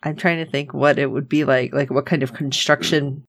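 A woman co-hosting a casual chat, recapping an episode and acting out the characters' lines with lively reactions. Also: deep voice, brisk, no echo. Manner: animated, acts out characters' lines. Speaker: podcast co-host recapping a TV episode.

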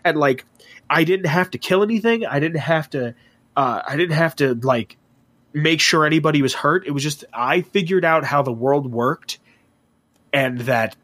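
Young guy ranting happily about his tabletop game characters, swears a lot, voice sits a bit high. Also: normal speed. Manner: animated, profane, storytelling. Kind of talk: casual podcast chat.

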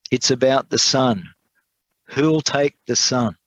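A man's voice: mid-range voice, takes it slowly, fairly bright tone, no room sound, voice pushed up, poor audio. A man voicing a persistent male auctioneer who keeps repeating his call for bids. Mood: insistent.

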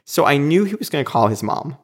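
Man telling a lively personal story. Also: on the high side, fast talker. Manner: animated, acts out quoted lines. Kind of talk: casual anecdote telling.

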